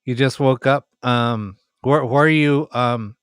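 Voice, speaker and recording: A man's voice: medium pitch, slow, clean tone, no room sound, studio quality. A man hosting a late-night ghost box livestream, talking casually with many ums and sounding tired.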